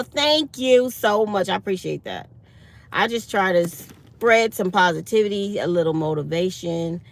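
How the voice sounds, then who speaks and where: Chatty woman with a gravelly edge. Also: mid-range voice. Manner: chatty, animated storytelling with acted-out quotes. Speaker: vlogger. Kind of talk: casual morning chat to viewers. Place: parked car.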